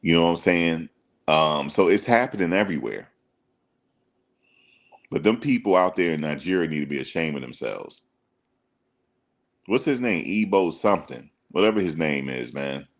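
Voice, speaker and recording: Deep-voiced man ranting in casual slang. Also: expressive, moderate pace, pauses often. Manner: emphatic and slangy, with rhetorical questions. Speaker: online commentator. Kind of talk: casual reaction commentary.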